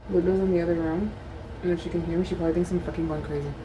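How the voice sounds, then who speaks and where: A woman's voice: on the low side, fairly even intonation, rapid-fire, mellow, highs cut off, slight background noise. A woman vlogger chatting casually at home while doing her makeup. She is a mother of a toddler who rambles, swears freely and mocks herself. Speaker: beauty vlogger.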